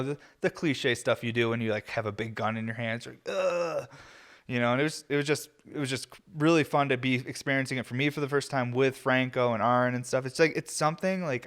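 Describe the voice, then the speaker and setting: A man's voice: mid-range voice, fairly bright tone. Rambling young man telling stories. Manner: rambling, filler-heavy, swears freely. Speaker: podcast host. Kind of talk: casual storytelling chat. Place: home garage.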